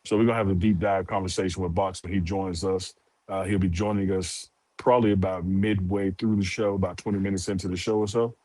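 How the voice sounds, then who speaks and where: A man co-hosting a casual sports talk show, speaking in a relaxed, steady way. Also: deep voice, fairly quick, no echo. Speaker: co-host.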